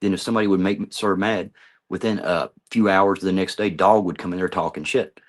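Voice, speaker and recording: A man's voice: deep voice, steady tone, a little fast. A middle-aged man ranting heatedly at people he names, confrontational and swearing often, in a video monologue. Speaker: vlogger.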